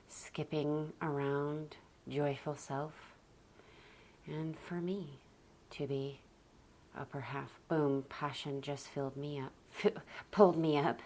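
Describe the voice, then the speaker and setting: A young woman speaks to her viewers in a very low, hushed voice, slow and deliberate, sometimes sinking nearly to a whisper. Her manner is gentle and reflective, and a faint hum of room ambience sits behind her. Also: little pitch movement. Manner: soft, slow and gentle, often near a whisper. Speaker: parenting vlogger. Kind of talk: calm reflective talk to camera.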